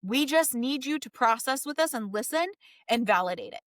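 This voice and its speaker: A woman's voice: on the high side, expressive, normal speed, fairly bright tone, no room sound. A woman marriage coach giving direct, emphatic advice to husbands in a podcast monologue.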